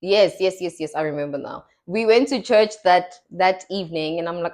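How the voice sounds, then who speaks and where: A woman's voice: fairly low pitch, moderate pace, few pauses, darkish tone. Chatty young woman. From South Africa. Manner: chatty storytelling, acts out quoted voices. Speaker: podcast host. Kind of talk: casual chat.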